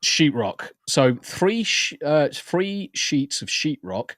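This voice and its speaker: A man's voice: a little high, very animated, takes it slowly, fairly bright tone, no echo. Chatty British man, dry close sound. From England. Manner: chatty, rambling, laughs often. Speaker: guest. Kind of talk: casual chat. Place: small spare bedroom. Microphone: home computer setup.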